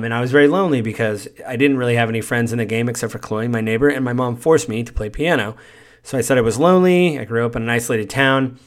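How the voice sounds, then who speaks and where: Man casually retelling a game story. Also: mid-range voice. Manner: meandering, conversational recounting. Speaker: podcast host.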